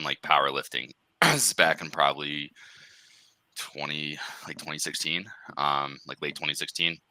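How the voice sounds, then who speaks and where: Deep bright-toned guy telling a rambling story. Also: clean tone, dry recording. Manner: rambling, filler-heavy, animated when quoting himself. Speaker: podcast guest. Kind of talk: casual storytelling chat.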